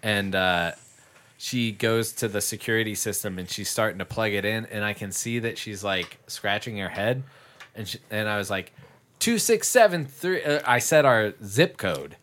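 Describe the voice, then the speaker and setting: A man's voice: on the low side, moderate pace, a bit bright. A man telling stories in casual chat, rambling and swearing as he acts out what others said.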